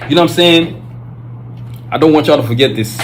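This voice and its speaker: A man's voice: a little high, a little fast, slight background noise, low-quality recording. A male podcast host giving an emphatic, preachy casual monologue, full of filler phrases.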